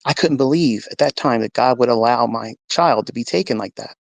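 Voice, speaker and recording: A man's voice: mid-range voice, a little fast, vocal fry, dry recording. A man earnestly telling a personal story in a live audio room, acting out what people said with rising intensity. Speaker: host.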